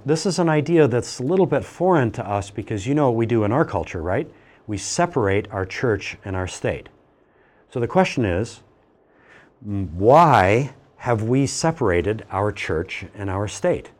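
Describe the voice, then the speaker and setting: Lecturer guy, kinda low voice, quizzes the class, playful and animated. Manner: animated, teasing, asks questions to the class.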